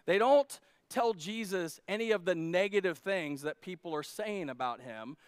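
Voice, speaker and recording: Jokey high-voiced male pastor preaching. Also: lively intonation, normal speed, clean tone, no room sound, studio quality. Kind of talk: sermon. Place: church service.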